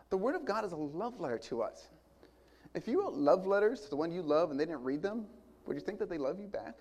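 A man's voice: sits high, very animated, fairly quick, a little mellow. Earnest man preaching a sermon. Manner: earnest, emphatic, building repetition.

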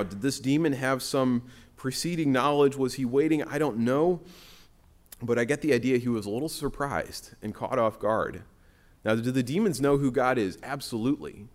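A man preaching a sermon in a church, in a conversational way with frequent restarts. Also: mid-range voice. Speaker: pastor.

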